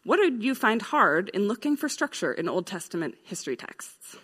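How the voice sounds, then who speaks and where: A woman's voice: mid-range voice, big pitch swings, moderate pace, fairly bright tone, slightly rough. A woman teaching a class of Bible teachers in a playful, lecturing way, laughing at her own drawings. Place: in front of a live class.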